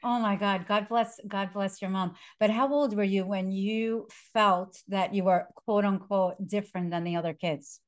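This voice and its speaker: A woman's voice: medium pitch, steady tone, moderate pace, few pauses. A woman hosting an interview, speaking earnestly and with emphasis, with some fillers. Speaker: host. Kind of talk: emotional interview talk.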